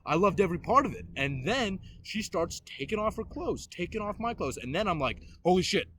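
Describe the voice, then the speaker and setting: A man's voice: high-pitched, sing-song, fairly quick, fairly bright tone, a little hiss or hum. A young man hosting a podcast, telling a story casually and laughing as he acts out quotes. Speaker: podcast host.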